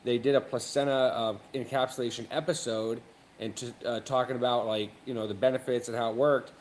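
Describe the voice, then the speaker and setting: A man telling a personal story as a guest on a casual panel, relaxed and rambling with many fillers. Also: medium pitch, a little fast, a little hiss or hum.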